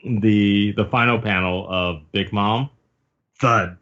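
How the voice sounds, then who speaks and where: A man's voice: low voice, moderate pace, highs cut off. A man hosting a podcast, recapping a comic casually, laughing often and acting out the panels. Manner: laughing, animated, acts out panels. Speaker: podcast host.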